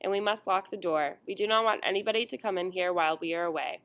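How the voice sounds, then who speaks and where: A woman voicing a fragile, frightened young girl who pleads softly in an audiobook. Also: lowish voice, fast, natural voice. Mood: frightened pleading. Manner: soft, pleading.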